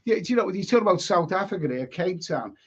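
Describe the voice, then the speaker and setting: Brief: English man, live stream host, blunt and opinionated, restarts a lot, slightly raised pitch, muffled lo-fi audio. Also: expressive, fast talker, breathy edge. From England. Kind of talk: casual live chat stream.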